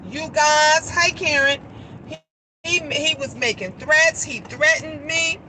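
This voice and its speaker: A woman, telling a story in a casual vlog, animated and repeating herself, outdoors by traffic. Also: sits high, takes it slowly, poor audio. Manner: animated storytelling, repeats phrases, quotes others. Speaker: vlogger.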